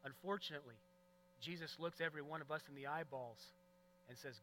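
A male pastor preaching a sermon in an earnest, emphatic way, moving between loud stresses and hushed moments. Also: medium pitch, a little fast, pauses often, slight background noise, rough recording.

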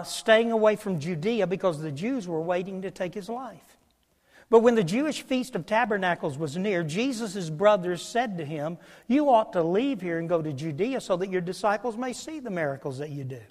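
A man preaching a sermon, swinging from loud declarations to hushed, near-whispered passages. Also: high-pitched, animated, normal speed. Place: church sanctuary. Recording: long hall reverb.

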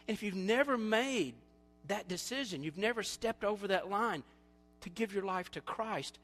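A male pastor preaching a sermon, animated and storytelling, acting out quoted voices, then dropping to quiet appeals. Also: high-pitched, moderate pace, big-room sound, soft background music.

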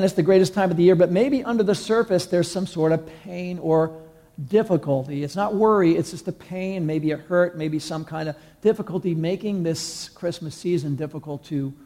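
A pastor preaching a conversational sermon, telling stories and repeating key lines slowly for emphasis. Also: male voice, high-pitched, warm tone. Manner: conversational storytelling, slow emphatic repetitions.

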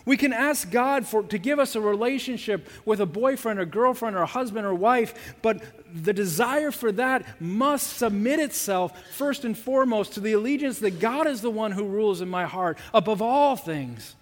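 A man's voice: sits high, lively intonation, moderate pace, few pauses, in a large hall. A male pastor preaching a sermon in earnest, repeating key phrases for emphasis.

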